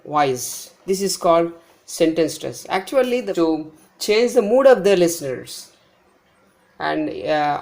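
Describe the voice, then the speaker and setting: A man with a fairly high voice and an Indian English accent teaches an English pronunciation lesson. He explains step by step and patiently repeats example words slowly to show where the emphasis falls. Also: a little mellow.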